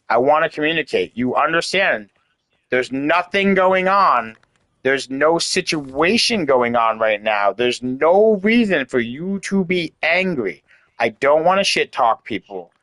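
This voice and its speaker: A man's voice: a little high, bright, forceful tone, no room sound, low-quality recording. A man in his late thirties venting in casual chat, rambling and candid, with lots of "like" and swearing. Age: 30s. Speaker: host.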